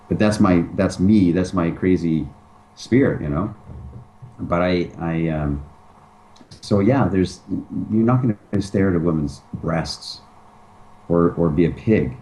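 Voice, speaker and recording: A man's voice: low voice, unhurried, warm tone, poor audio. A man talking casually as an interview guest, emphatic and acting out pickup lines. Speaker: dating advice guest.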